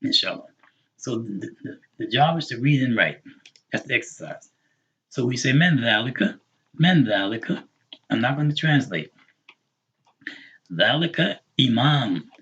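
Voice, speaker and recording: Husky man teaching a slow patient class. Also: mid-range voice, expressive, fairly bright tone. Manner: patient, repeats words slowly for learners. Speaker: Arabic teacher. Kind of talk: online class lesson. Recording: dull lo-fi recording.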